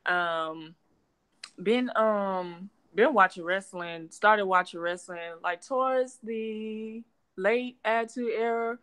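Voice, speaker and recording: A woman's voice: medium pitch, takes it slowly, fairly bright tone, smooth. A woman in her twenties with a Southern US accent, a blunt, cursing podcast co-host in casual chat. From California, raised in Alabama. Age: 20s. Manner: blunt, swears freely.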